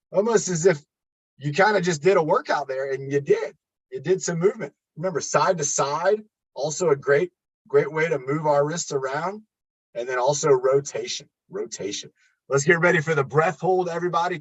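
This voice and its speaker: A man's voice: on the high side, poor audio. A man leading a live online exercise class as a fitness coach, upbeat and chatty, counting reps and talking to viewers by name. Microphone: computer webcam.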